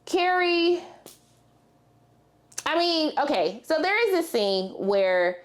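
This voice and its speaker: Woman, TV reviewer, casual, animated, slangy, slightly high voice. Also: slow pace. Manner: animated, chatty, slangy, addresses viewers as y'all. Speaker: TV show reviewer. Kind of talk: casual review chat with personal story.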